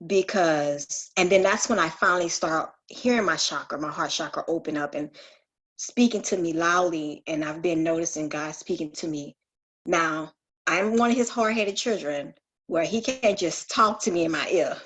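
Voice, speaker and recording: Lady telling her faith story in a group call, kinda low voice, earnest, trips over her words, laughs easy. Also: moderate pace, fairly bright tone. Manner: earnest, restarts often, laughs easily. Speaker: participant sharing a testimony. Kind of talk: heartfelt personal testimony in a group call.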